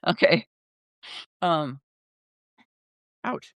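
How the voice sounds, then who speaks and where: A man's voice: high voice, slow, bright, forceful tone, no echo, clean studio sound. An older man hosting a casual live chat, rambling with lots of fillers and laughter. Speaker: live stream host.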